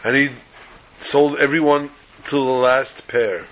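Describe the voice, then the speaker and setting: Bright-voiced man telling a story. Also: medium pitch, steady tone, slow pace, low-quality recording. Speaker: rabbi teaching a class. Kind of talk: storytelling lesson with corny jokes. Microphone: video call.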